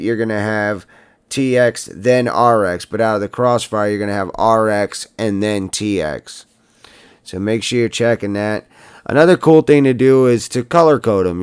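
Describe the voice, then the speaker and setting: A man with a lowish, smooth, resonant voice walks viewers through a fiddly build at his workbench. He talks casually, half to the camera and half to himself, with little muttered asides as he works. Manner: chatty, talks to himself while soldering, muttering frustration. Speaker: drone building tutorial host. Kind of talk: casual hands-on tutorial.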